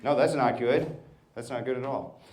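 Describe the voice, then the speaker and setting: A man's voice: medium pitch, darkish tone, roomy sound. Thirty-something man doing stand-up. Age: 30s. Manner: storytelling, acts out family members in quick bits. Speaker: stand-up comedian. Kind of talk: stand-up set. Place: comedy club stage. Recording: live club audience laughter. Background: laughing audience.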